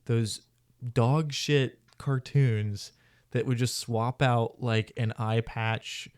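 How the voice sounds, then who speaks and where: A man's voice: mid-range voice, fairly even intonation, slow, darkish tone, clean tone, dry recording, studio quality. A man hosting a podcast, talking casually in a rambling, profane way with many restarts. He is from Florida. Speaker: podcast host. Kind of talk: casual conversation.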